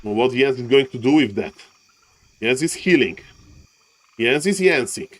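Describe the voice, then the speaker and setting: A man commentating a live esports match with a middle-pitched voice. He swings from steady play-by-play to sudden excited yelling and keeps repeating his catchphrases. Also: measured pace. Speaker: game caster.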